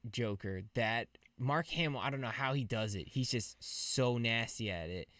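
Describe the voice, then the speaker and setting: Chill guy hosting a gaming podcast, normal pitch, dry mic, laughs a lot. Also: moderate pace, a bit bright, no room sound. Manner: laid-back, laughs easily. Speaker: podcast host and streamer. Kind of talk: casual chat.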